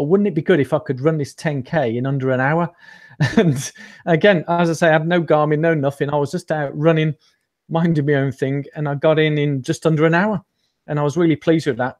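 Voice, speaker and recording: A man telling his story as an interview guest in a rambling, self-deprecating way, with many ums and restarts. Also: a little high. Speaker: interview guest, amateur runner. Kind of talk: casual storytelling chat.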